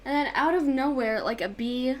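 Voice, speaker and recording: A woman's voice: sits high, normal speed. A young woman chatting casually while she draws on a stream, reading chat aloud and telling stories with sudden dramatic outbursts. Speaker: art and gaming YouTuber. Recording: faint background noise.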